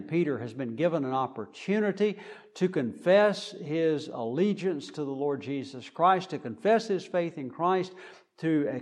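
A man preaching a sermon, speaking deliberately with frequent fillers. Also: on the high side, darkish tone.

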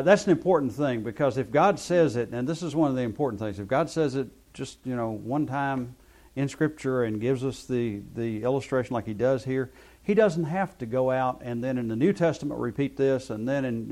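Man teaching a Bible study, halting. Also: mid-range voice, a little mellow. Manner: explanatory, with frequent hesitant fillers. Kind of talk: classroom teaching.

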